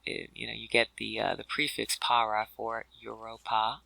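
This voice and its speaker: A man's voice: fairly low pitch, completely flat delivery, moderate pace, vocal fry, bright, forceful tone, no echo, poor audio. A man teaching a scripture word study in a conversational way, with fillers and restarts, addressing listeners as brothers and sisters. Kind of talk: explanatory video lesson.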